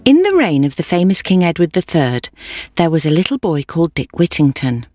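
Dry, steady woman storyteller. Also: on the low side, a little fast, no room sound, faint music behind. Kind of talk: children's story narration.

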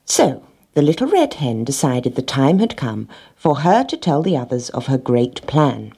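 Husky woman reading a children's story. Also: a bass voice, very animated, normal speed, mellow.

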